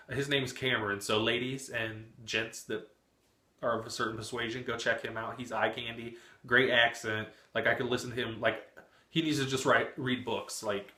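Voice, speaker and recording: Chatty young man, bright voice, echoey room. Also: medium pitch. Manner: chatty, frequent cursing and laughter. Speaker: book vlogger. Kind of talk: casual chat.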